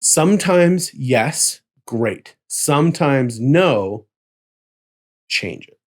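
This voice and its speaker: A man's voice: mid-range voice, animated, drawn-out words. A man co-hosting a casual chat about tabletop role-playing, explaining at length and checking in with "right?" as he goes. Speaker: podcast co-host.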